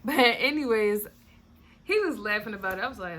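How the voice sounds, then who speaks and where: A woman's voice: a little high, expressive, brisk, a bit bright. A young woman vlogger telling a candid, chatty story, blunt and swearing freely. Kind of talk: casual story time.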